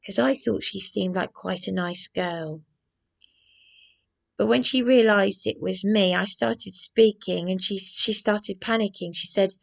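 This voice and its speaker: A woman's voice: mid-range voice, a little slow, vocal fry. A woman with an agitated, aggrieved manner, rambling through a personal vlog monologue. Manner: agitated, aggrieved ranting with many restarts. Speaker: vlogger.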